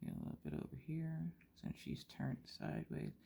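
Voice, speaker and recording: A woman with a slightly stuffy nose chats casually as she colors on camera. She vents in a lively, theatrical way and piles up one rhetorical question after another. Her tone stays easy and conversational. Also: deep voice, normal speed, gravelly, husky. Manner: animated, exaggerated rhetorical complaining. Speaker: craft vlogger. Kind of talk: casual chat while coloring.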